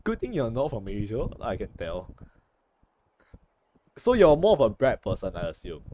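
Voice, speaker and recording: A man's voice: lowish voice, huge pitch swings, moderate pace, mellow, a little hiss or hum. A young man chatting casually over gameplay, joking and correcting himself with many restarts. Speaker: gaming streamer.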